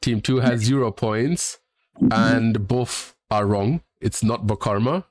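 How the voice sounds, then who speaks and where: Brisk man hosting a game quiz. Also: fairly low pitch, a little mellow, no echo, clean studio sound. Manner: brisk, laughs between questions. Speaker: streamer running a game quiz. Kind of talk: casual live-stream chat.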